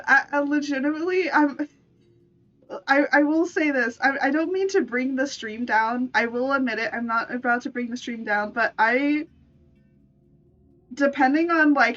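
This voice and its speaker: A woman artist chatting on a live stream, giggly and halting, with many restarts. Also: high voice, a bit bright, highs cut off. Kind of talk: live-stream chat while making art.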